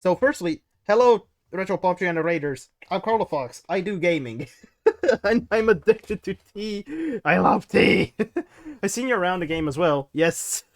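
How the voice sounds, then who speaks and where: Giggly, excitable male game streamer. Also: sits high, moderate pace, no room sound. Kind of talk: live gameplay commentary.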